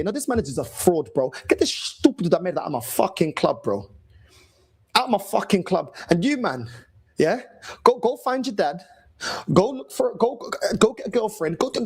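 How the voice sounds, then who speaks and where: A man's voice: sits high, slightly rough, poor audio. A man in his thirties with a London accent, ranting and swearing as host of a fan call-in show, mocking other fans. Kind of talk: angry fan rant.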